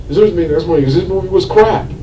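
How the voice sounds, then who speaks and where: A fairly high-pitched man with a mellow tone rants through a movie review, repeating himself, trailing off and filling gaps with ums. He bursts into fed-up outbursts now and then. His voice sounds set back from the mic in a roomy, echoing space. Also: very fast, distant mic, slight background noise. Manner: rambling and repetitive, loses his train of thought, many filler ums; exasperated outbursts. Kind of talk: unscripted movie review rant.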